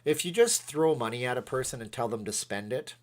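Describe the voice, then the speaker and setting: A man hosting a casual livestream, rambling and excitable as he reads out chat comments. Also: medium pitch, a little fast. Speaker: livestream host.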